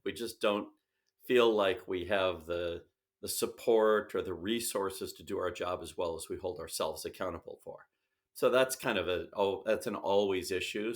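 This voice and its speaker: Emphatic low-voiced man explaining. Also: moderate pace. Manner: emphatic, animated, voices quotes for effect. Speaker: sales expert guest. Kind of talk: conversational interview.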